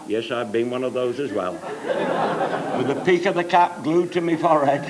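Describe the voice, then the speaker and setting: An older man with a Cheshire accent telling bawdy comic stories on stage, chuckling through them. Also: on the high side. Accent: Cheshire English. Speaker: after-dinner comedian. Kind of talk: stand-up anecdotes. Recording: noisy live recording, audience laughter.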